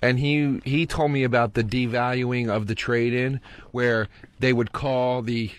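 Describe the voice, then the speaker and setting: A man on a podcast asking prodding questions and telling stories in an animated way. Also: medium pitch, measured pace, clear, resonant tone. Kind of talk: casual podcast chat.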